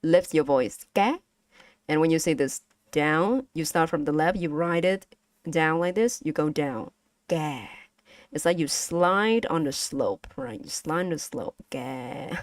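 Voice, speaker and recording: Woman, casual lesson stream, patient, drawn-out delivery. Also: sits low, no room sound. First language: Vietnamese. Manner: patient, repeats and models tones, giggles often. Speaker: streamer teaching Vietnamese.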